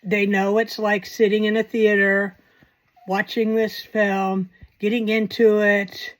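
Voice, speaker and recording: A woman's voice: medium pitch, flat delivery, slow. A woman hosting a paranormal channel, talking in a casual, rambling commentary with wry, self-mocking asides.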